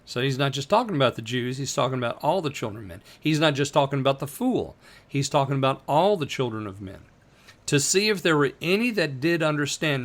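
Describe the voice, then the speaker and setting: Man teaching the Bible conversationally. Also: a little high. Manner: conversational, reads scripture aloud slowly with emphasis.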